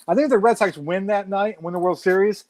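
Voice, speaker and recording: Guy in his 40s, kinda high voice, animated storyteller, swears a lot. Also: quick pace. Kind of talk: casual chat.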